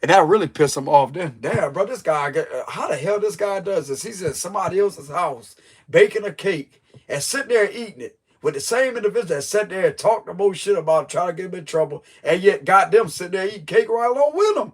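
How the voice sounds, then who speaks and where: Joking man with a higher voice. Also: expressive, a little fast, husky. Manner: playful, joking, slangy and loose. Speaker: tarot reader. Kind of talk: casual storytelling chat.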